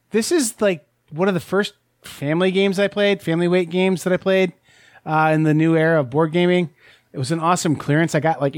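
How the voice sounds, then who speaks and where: Man, casual chat, rambling, slightly higher voice, dry close sound. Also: no room sound. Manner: rambling, many fillers and restarts. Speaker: podcast co-host.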